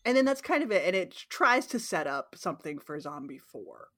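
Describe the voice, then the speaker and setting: A woman co-hosting a casual film podcast, recapping plots in a rambling, animated way with plenty of swearing. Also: on the low side, normal speed. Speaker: podcast co-host. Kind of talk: casual film-review chat.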